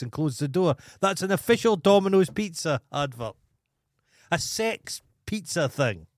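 A man's voice: sits high, unhurried, no echo, studio quality. A Scottish man co-hosting a podcast, telling stories in casual chat and acting out the people in them. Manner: animated, acts out the people in his stories. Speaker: podcast co-host.

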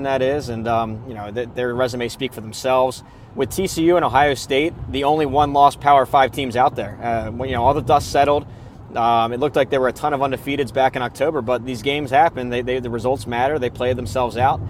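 A man's voice: medium pitch, slight background noise. A man guest on a podcast, talking sports in a casual, earnest way with lots of fillers. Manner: earnest, many fillers and restarts. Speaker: podcast guest, preview writer.

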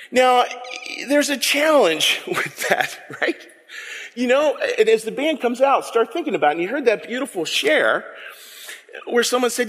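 A man preaching a sermon, animated and joking with his congregation in a church hall. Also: extremely high pitch, normal speed. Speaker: pastor.

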